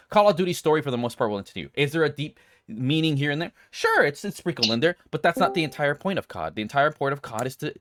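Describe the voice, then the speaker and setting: A man's voice: fairly high pitch, very animated, quick pace, fairly bright tone. A man co-hosting a podcast, ranting in a heated, profane, rambling way with lots of restarts. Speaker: podcast co-host. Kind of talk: casual rant.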